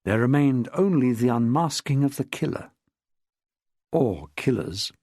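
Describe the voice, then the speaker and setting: Man, audiobook narrator, husky, lively pitch, dry studio sound. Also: no room sound. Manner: measured, expressive storytelling. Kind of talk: scripted narration.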